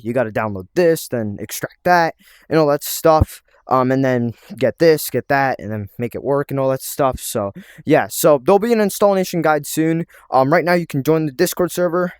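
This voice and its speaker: A man's voice: on the high side, clear, resonant tone, dry recording, clean studio sound. A young man casually walking viewers through his VR game revival, rambling with lots of fillers and restarts. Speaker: game developer presenting a VR game revival. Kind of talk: casual tutorial vlog.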